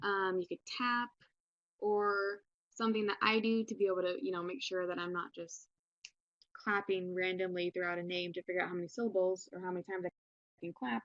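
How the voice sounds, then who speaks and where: A woman's voice: on the low side, fairly even intonation, a little fast, a bit bright, no room sound. Young woman, English teacher, casual recorded lesson, chatty with ums, dry close sound, dull lo-fi mic. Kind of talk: recorded online class lesson.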